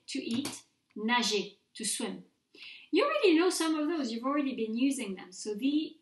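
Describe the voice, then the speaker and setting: A woman giving a recorded grammar lesson with a slightly high voice. She speaks clearly and patiently, sounding words out slowly for learners to repeat. The room adds a noticeable echo. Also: a bit bright. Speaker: French teacher. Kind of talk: recorded grammar mini-lecture. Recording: roomy echo.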